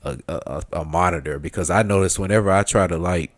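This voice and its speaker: A man chatting casually while he streams a video game. His voice sits low, and he rambles, piling up fillers and swearing as he talks. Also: fast talker. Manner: rambling, filler-heavy, laughs easily, swears. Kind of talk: casual gameplay commentary.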